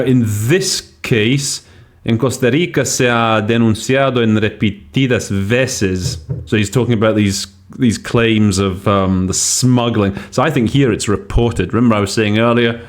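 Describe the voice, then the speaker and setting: A man hosting a podcast on interpreting, talking casually and thinking aloud as he weighs English word choices. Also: fairly low pitch. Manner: thinks aloud, many fillers and restarts. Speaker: podcast host teaching interpreting. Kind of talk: casual explanatory commentary.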